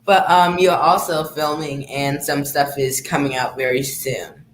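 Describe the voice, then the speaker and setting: Slightly high-voiced male host, echoey room. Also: steady tone, unhurried, a bit bright, a little hiss or hum. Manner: brief reactions, short questions. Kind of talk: live show interview.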